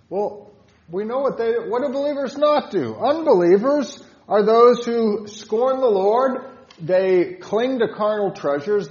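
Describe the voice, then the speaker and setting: Speaking in a high-pitched, darkish voice, this Southern Illinois pastor gives a reflective catechetical sermon in a church sanctuary, lining hymns and leaning on lots of fillers. The sound is echoey, dull, and lo-fi.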